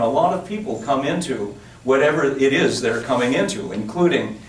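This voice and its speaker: A man's voice: mid-range voice, reverberant, recorded from a distance, low-quality recording. A male lecturer addresses a live audience, wandering into asides and then pressing his points home. He sounds set back from the microphone, and the room rings around his voice. A faint hiss of noise sits under the recording. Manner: digressive, emphatic asides to the audience. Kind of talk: public lecture with digressions.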